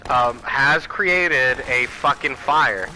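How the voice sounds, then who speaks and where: A man's voice: medium pitch, slow pace, bright, forceful tone, poor audio. A man hosting his own channel, delivering a heated, profane political rant and addressing viewers directly as y'all. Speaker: channel host. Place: Arizona home.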